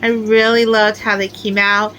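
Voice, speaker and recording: A woman's voice: medium pitch, flat delivery, normal speed, fairly bright tone, a little hiss or hum, rough recording. A middle-aged woman chatting casually as she shows off her crochet work, rambling with lots of filler words. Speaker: crochet crafter showing her amigurumi. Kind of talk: casual show-and-tell chat.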